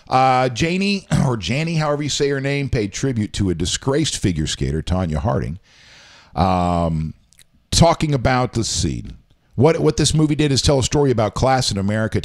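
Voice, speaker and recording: A man co-hosting a casual talk show, rambling and reading news items aloud with his own asides. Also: on the low side. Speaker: show co-host. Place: home.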